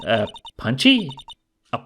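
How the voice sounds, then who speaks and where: A man's voice: medium pitch, wildly swooping pitch, takes it slowly, sharp tone, slight background noise, full character voice. A man voicing a curious young female detective's assistant in a video game, guessing aloud. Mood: puzzled.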